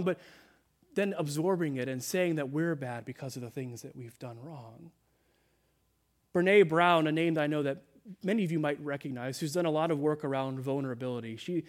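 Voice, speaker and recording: This sermon comes from a man pastoring in a church sanctuary, his pitch a bit higher than most men's. He preaches earnestly, quieting to a slow, soft hush on anything he quotes.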